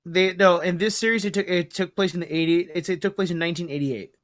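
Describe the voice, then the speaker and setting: A man's voice: high-pitched, steady tone, fast, no echo, studio quality. A young man hosting a podcast in casual chat, rambling, swearing freely and stumbling over his words. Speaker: podcast host.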